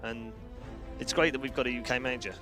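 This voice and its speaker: A man's voice: medium pitch, steady tone, brisk, music in the background. A man from the UK, hosting an esports panel in a chatty, teasing way. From United Kingdom. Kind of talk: casual panel chat.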